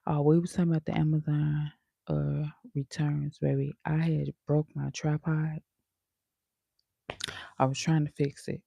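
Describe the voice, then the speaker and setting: A woman's voice: low voice, level tone, a little slow, vocal fry, long pauses, no room sound, muffled recording. A woman vlogger in casual live-stream chat, talking in a chatty, sassy way with laughing asides.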